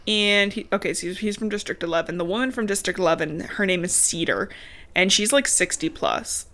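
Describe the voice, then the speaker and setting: A woman co-hosts a podcast, recapping a book in casual, chatty talk with plenty of swearing and laughter. Her medium-pitched voice is a bit bright and a little fast, and a dog can be heard now and then.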